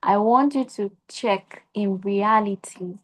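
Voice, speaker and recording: A woman's voice: mid-range voice, slow. Nigerian woman giving earnest advice. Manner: earnest, explains with rhetorical questions. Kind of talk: casual conversation, giving advice.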